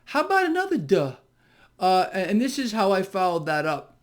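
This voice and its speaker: A man's voice: high voice, huge pitch swings, moderate pace. Guy ranting sarcastically about market news, mocking and exclamatory. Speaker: financial commentator. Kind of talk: sarcastic solo market commentary.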